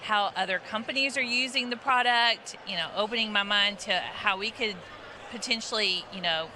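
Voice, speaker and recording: A woman's voice: medium pitch, moderate pace, noisy background. A woman attending a conference, chatting casually in an interview on a crowded expo floor, with plenty of fillers.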